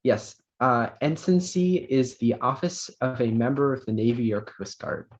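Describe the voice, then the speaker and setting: A man's voice: mid-range voice, expressive. Patient man reading out spelling words. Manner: measured, patient, with small fillers. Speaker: spelling bee pronouncer. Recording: dull lo-fi online audio.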